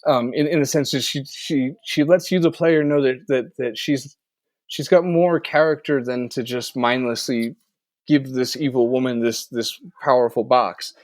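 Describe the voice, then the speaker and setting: A man's voice: mid-range voice, steady tone, moderate pace, no room sound. Easygoing male podcast host, dry sound. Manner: rambling, self-correcting, wraps up with offhand plugs. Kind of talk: casual podcast chat.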